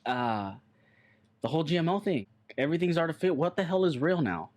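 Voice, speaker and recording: A man's voice: a little high, big pitch swings, brisk. A man co-hosting a casual podcast chat, rambling and blunt, swearing offhandedly. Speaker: podcast co-host.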